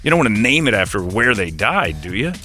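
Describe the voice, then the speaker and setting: A man's voice: fairly low pitch, sing-song, quick pace, sharp tone, soft background music. A man bantering as co-host in a casual podcast chat, joking and sarcastic.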